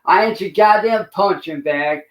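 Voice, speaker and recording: High-voiced man ranting angrily. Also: unhurried, reverberant, rough recording. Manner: angry, profane, ranting. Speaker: livestream host. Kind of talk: heated livestream rant.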